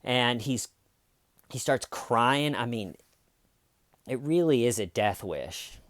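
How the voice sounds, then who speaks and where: A man's voice: medium pitch, animated, slow, fairly bright tone, no echo. A man hosting a casual true-crime commentary, talking in an indignant, conversational way with lots of fillers and restarts. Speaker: podcast host.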